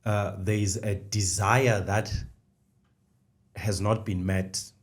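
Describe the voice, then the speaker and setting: This middle-aged man speaks slowly, his voice on the low side and level in tone. He's co-hosting a faith podcast in a conversational style, walking through ideas step by step and repeating the key phrases.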